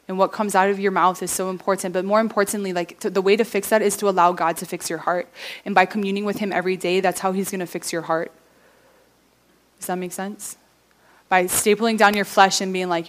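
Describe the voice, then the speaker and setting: A young woman giving a casual, earnest youth sermon, full of fillers like "like" and "you know", ending in prayer. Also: mid-range voice. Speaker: youth speaker.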